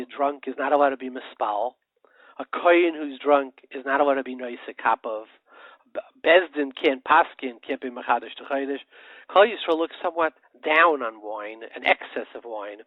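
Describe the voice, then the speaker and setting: A man, a rabbi, gives a short holiday Torah talk, animated, with sudden emphatic rises and English mixed with Hebrew and Yiddish terms. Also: mid-range voice, no room sound. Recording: narrow phone-like line, dry.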